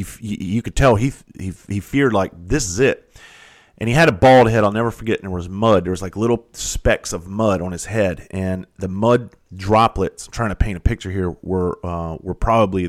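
A middle-aged man with a somewhat low voice tells a story in a loose, casual monologue. He is blunt and profane. He talks like a firefighter sharing war stories. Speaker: firefighter and podcast host.

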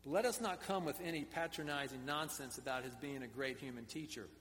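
A man's voice: mid-range voice, fairly quick, a bit bright. A male pastor delivers a sermon in an easygoing, conversational way, speaking to his congregation. His voice carries a long reverb from the hall. A faint hiss of room ambience sits under him. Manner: conversational preaching with asides to the congregation.

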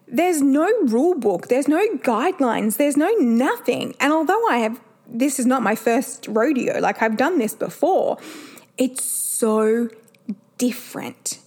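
A woman's voice: high-pitched, a little mellow. A woman, hosting a podcast and chatting candidly, swearing freely. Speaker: podcast host. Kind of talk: casual solo podcast chat.

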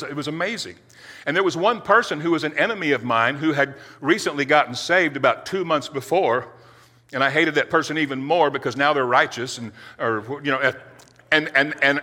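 Earnest, tense-voiced preacher, echoing hall. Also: male voice, mid-range voice, sharp tone. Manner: earnest, halting, with many restarts. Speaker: preacher giving a testimony. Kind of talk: personal testimony sermon.

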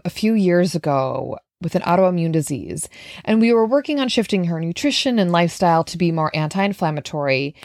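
Speaking at a lowish pitch, this nutrition coach from Minnesota reflects alone on her podcast in a sincere, heartfelt, conversational style, using fillers along the way. The studio sound is clean, with no echo.

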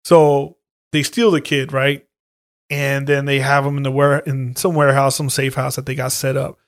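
A man's voice: medium pitch, level tone, moderate pace. A young man, retelling scenes in a casual, profane, slangy chat.

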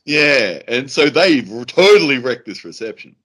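A man co-hosting a podcast recaps a wrestling event in casual conversation, animatedly performing the voices of those he quotes. His voice is medium in pitch and his pace moderate.

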